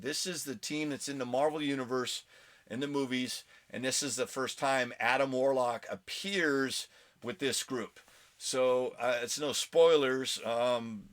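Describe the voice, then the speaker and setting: A man's voice: mid-range voice, a bit bright. A man hosting a casual comic book collecting vlog at home, rambling and chatty with self-mocking asides. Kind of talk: casual show-and-tell vlog.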